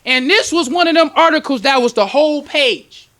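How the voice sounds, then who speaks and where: A male minister with a very high, piercing voice preaches to his congregation. He talks with strong emotion and climbs into sudden shouts. His tone stays sharp and forceful throughout. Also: moderate pace. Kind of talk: preaching lecture. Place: temple lecture hall.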